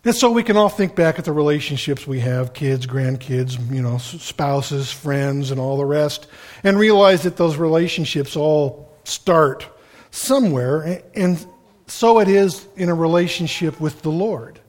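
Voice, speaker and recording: A man's voice: a little high, a little slow, darkish tone. An older man preaching a sermon, telling personal family stories in a folksy, conversational way.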